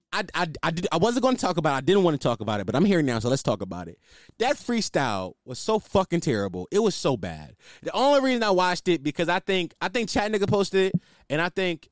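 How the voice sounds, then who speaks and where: Animated young man ranting casually. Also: fairly high pitch, dry recording, studio quality. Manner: animated, ranting, swears freely. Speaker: podcast host. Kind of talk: casual solo commentary.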